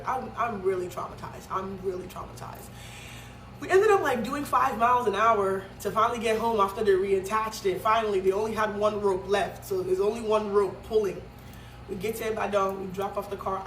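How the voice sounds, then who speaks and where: A woman's voice: mid-range voice, slight background noise. A woman from Nigeria telling a story in a vlog, dramatic and emphatic, with many fillers. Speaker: vlogger. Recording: echoey room, mic at a distance.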